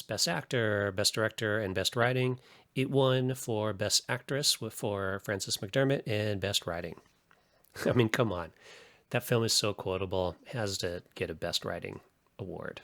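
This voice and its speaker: A man's voice: mid-range voice, fairly bright tone, no echo, clean studio sound. A man hosting a podcast, giving casual pop-culture commentary in a chatty, opinionated way with frequent asides. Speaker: podcast host.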